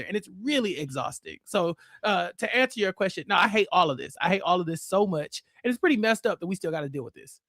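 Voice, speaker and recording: A man's voice: sits high, lively intonation, fast, few pauses, sharp tone, no echo, clean studio sound. A man hosting a podcast, talking casually about politics in a blunt, exasperated rant. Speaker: podcast host.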